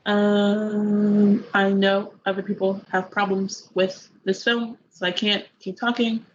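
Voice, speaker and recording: A woman's voice: mid-range voice, little pitch movement, takes it slowly, dull audio. A young woman on a review panel, chatting casually about a movie, rambling with lots of "like" fillers and acting out her own reactions. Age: young adult.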